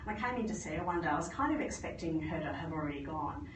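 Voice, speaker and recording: Low-voiced woman in an echoey hall. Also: fast talker. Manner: lively anecdotal storytelling. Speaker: palliative care physician. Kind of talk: conference presentation. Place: conference hall. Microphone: phone recording from the audience. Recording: echoey hall from far off, noisy.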